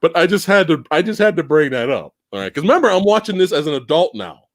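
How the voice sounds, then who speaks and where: A man hosting a casual live movie review chat, animated and swearing, acting out scenes with loud quoted lines. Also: a little high, fast talker, no echo. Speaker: podcast host.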